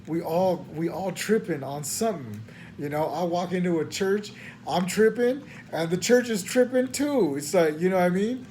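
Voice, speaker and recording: A high-pitched man with a drawl rambles and vents in the small hours, stammering through restarts with a frustrated, slangy edge. Faint room ambience sits behind him. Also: moderate pace, a little mellow, a little hiss or hum. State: tired at night. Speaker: preacher. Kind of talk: late-night rambling vent.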